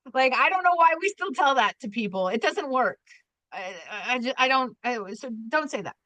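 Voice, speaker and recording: A woman leading an online workshop over a video call from home, chatty and quick to laugh, with many restarts. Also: high voice, lively intonation, sharp tone, dry recording. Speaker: trainer.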